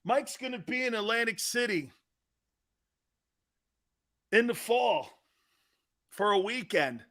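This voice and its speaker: A middle-aged man hosting a live sports talk show, joking loudly, reading out comments and jumping between topics. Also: sits high, expressive, slow pace. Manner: loud, joking, jumps between topics, often raises his voice.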